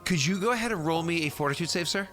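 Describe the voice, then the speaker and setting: A man's voice: on the high side, fast talker, a bit bright, soft background music. A man running a tabletop game as game master, rambling with many fillers and frequent laughs.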